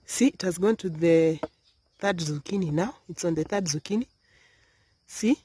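A woman filming her vegetable garden outdoors, talking softly in a half-whisper as she narrates. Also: fairly low pitch, normal speed, husky, no room sound. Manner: soft, half-whispered, coaxing. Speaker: gardening vlogger.

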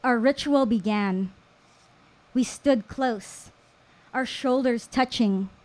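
Here a woman in her thirties stands before a small live audience to tell a story about herself. She speaks at an unhurried pace in a slightly high voice, pausing on purpose between phrases, and her warm delivery follows a storytelling cadence instead of casual chatter.

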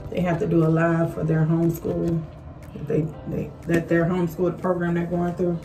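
A woman, chatting casually to camera in a vlog, a bit out of breath, with lots of fillers and animated quoted voices. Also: on the low side, normal speed, distant mic, low-quality recording. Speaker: vlogger. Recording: voice a little off-mic, faint music.

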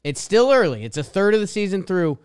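A man's voice: high-pitched, very animated, fairly quick, clean tone. A man with a Boston accent co-hosting a casual sports podcast, reading out stat lines with emphatic swings. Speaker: podcast co-host.

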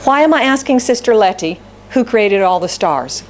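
A middle-aged pastor gives her sermon in a mid-range, expressive voice at normal speed, with a little hiss or hum in the audio. She asks the congregation questions and dramatizes prayers and complaints through quoted voices.

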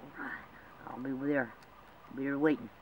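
A man's voice: medium pitch, fairly even intonation, moderate pace. A man talking in a rambling, emotional way in a homemade drama, with frequent laughs. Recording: distant mic with loud background noise.

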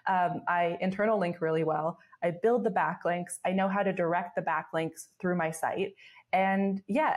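A young adult woman with a Canadian accent, a podcast guest talking casually, self-deprecating and quick to laugh, with lots of "like" fillers. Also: mid-range voice. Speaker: guest, travel blogger.

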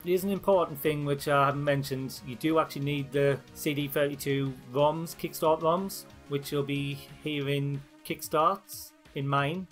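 A man from northeast England with a broad northeast English accent, talking through a software tutorial for his channel in a chatty, informal way. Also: a little high, fairly even intonation, unhurried, few pauses, soft background music. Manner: chatty and informal, with fillers and restarts. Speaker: YouTube channel host. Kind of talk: screen-recorded tutorial walkthrough.

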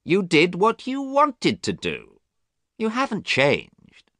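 A cynical, amused gentleman who drawls his words slowly , as a storybook narrator puts him on. His pitch moves widely over a dry, close sound. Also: huge pitch swings, no room sound, heavily acted. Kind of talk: storybook character reading.

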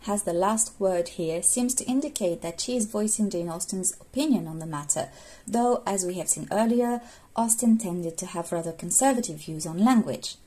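A woman's voice: mid-range voice, normal speed, dark tone, slightly rough. A young woman with English as a second language presenting a scripted talk on literature, earnest and explanatory. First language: not English.

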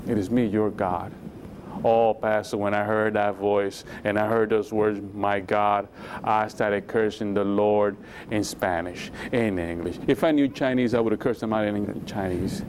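A man's voice: lowish voice, fairly even intonation, unhurried, few pauses, background noise. A man giving an emotional testimony as a guest in a religious interview, acting out the voices in his story with sudden rises. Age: 20s.

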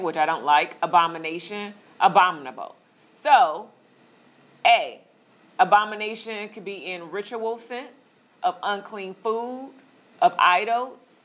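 A woman teaching a Bible study class, walking listeners through on-screen steps in a relaxed, conversational way with filler words. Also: lowish voice.

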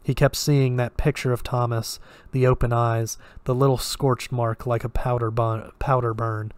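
A man reading a horror story aloud in a measured, steady way, with occasional slips. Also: medium pitch, smooth, no room sound. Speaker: story reader.

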